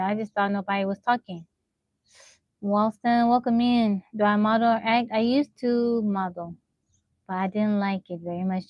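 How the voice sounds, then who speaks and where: A young woman live-streaming from her phone, telling animated stories to her chat and laughing often. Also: medium pitch, no room sound, muffled recording. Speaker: livestreamer.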